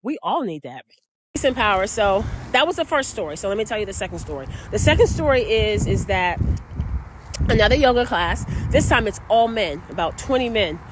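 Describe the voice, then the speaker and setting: A woman yoga teacher casually sharing stories from her classes in a chatty, animated way. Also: mid-range voice, brisk, a little hiss or hum. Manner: warm, chatty, animated storytelling. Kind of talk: casual storytelling vlog.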